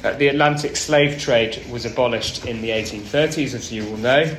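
A man preaching a sermon, earnest and storytelling, often dropping his voice low and soft for emphasis. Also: normal speed, slight background noise. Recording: roomy with faint ambience.

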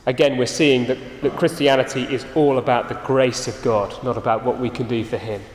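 A man preaching a sermon, earnest and emphatic, his phrases often sinking soft and low at the end. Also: steady tone, brisk. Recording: echoey hall, reverberant.

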